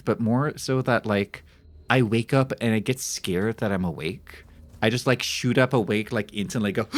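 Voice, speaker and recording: Young guy streamer, lowish voice but super bouncy, chatty and jumpy. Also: dry recording. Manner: animated, jumpy reactions, rambling anecdotes. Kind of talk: casual live game-stream chatter.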